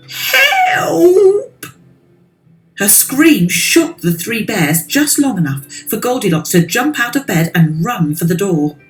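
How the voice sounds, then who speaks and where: A woman narrating a children's storybook in a slow, expressive, lilting way. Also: medium pitch, poor audio.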